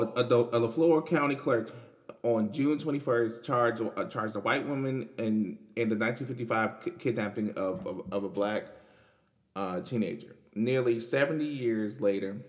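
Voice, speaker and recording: A young man, hosting a casual podcast and commenting on news in a loose, chatty way with restarts and laughs. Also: mid-range voice. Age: 20s. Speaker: podcast host.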